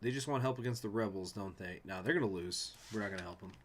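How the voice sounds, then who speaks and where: A man's voice: lowish voice, fast. A man streaming a strategy game from home, reading event text aloud and rambling to his chat with jokey asides. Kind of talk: casual gameplay commentary, reading event text.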